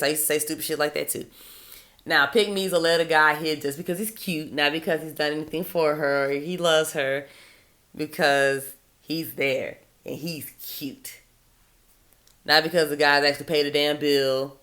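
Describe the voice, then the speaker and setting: A woman's voice: deep voice, animated, brisk, fairly bright tone. A woman giving dating advice in a blunt, profane, sardonic monologue. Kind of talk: casual opinionated monologue.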